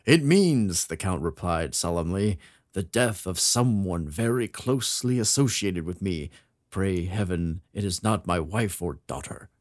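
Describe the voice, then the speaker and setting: A man with a lowish voice, chatting casually and then reading an old ghost tale aloud. He throws himself into the quoted lines with raised, dramatic delivery. The recording is dry and close. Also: measured pace, dry recording. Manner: reads aloud with theatrical voices for quoted characters. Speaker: podcast co-host.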